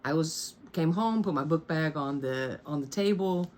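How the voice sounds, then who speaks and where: Low-voiced woman in her thirties, candid storytime. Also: normal speed, a little mellow, a little hiss or hum. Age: 30s. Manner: candid and blunt, swearing freely, with wry asides. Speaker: storyteller vlogger. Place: bedroom at home.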